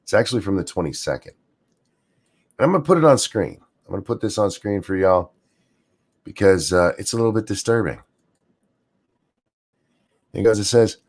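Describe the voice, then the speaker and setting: A man's voice: low voice, big pitch swings, moderate pace, long pauses. A man hosting a casual rant stream, sarcastic and crude, rambling with many fillers, still in his morning voice. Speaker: streamer host.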